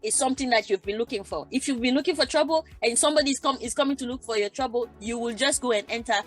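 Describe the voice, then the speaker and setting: Animated woman panelist, higher voice. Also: fast, faint music behind. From Germany. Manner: animated, acts out quoted exchanges, repeats herself. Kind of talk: panel discussion.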